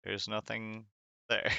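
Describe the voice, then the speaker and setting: A man's voice: fairly low pitch, level tone, slow, gravelly, bright, forceful tone, no room sound, dull audio. A man streaming a retro game, reading its text aloud with wry asides and frequent laughter. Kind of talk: casual game commentary.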